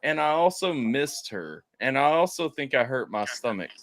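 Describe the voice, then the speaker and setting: A young man hosting a casual livestream, telling a story with excited, loud bursts. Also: medium pitch, moderate pace. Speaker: stream host.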